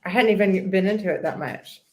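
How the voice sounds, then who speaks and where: A woman's voice: mid-range voice, brisk, roomy sound. A woman hosting a live stream in a casual, blunt, profane, gossipy way.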